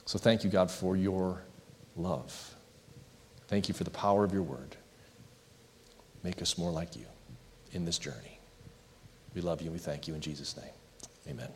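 A man preaching as a pastor and leading an earnest closing prayer, slowing down on the words he wants to land. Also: low-pitched, a little hiss or hum. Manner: earnest, pleading, slows on key phrases. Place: church sanctuary. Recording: long hall reverb.

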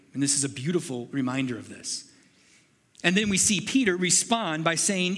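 A man preaching with a high, light voice that rings through a reverberant hall. He speaks earnestly and piles up questions with growing urgency. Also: lively intonation, fairly quick, pushed and bright. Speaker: pastor. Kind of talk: sermon.

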